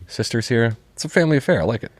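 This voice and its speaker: A man's voice: medium pitch, lively intonation, racing, dry recording. A young man in his twenties hosting a podcast, easygoing and jokey, swearing casually. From Boston area. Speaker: podcast host.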